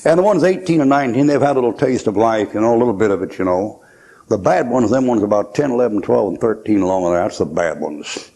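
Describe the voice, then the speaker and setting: An older pastor preaches in a folksy, storytelling style, sharing tales from his own life and acting out the voices of people he quotes. His voice is on the low side, gravelly yet mellow, with lively intonation and a fast pace.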